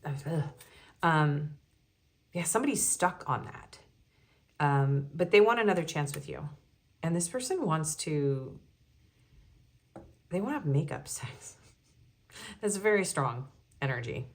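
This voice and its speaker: A woman's voice: sits low, expressive, unhurried, long pauses. A woman giving a casual tarot reading, chatty and giggly, with many ums and likes. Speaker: tarot reader.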